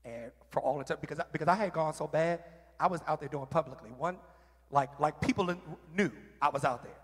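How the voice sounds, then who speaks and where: A man sharing a candid, emotional personal testimony at church, with halting restarts. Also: a little high, a bit bright. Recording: reverberant hall.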